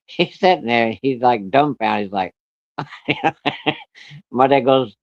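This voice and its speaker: A man telling a true story in a folksy, rough-spoken way, chuckling as he goes. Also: mid-range voice, slow, pauses often, dry recording, dull audio.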